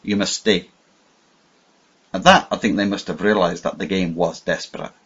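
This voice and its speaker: Male audiobook narrator, lowish husky voice, measured dramatic delivery; muffled recording. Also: fairly even intonation, fairly bright tone. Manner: measured, dramatic first-person reading. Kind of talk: scripted narration. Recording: dull lo-fi audio.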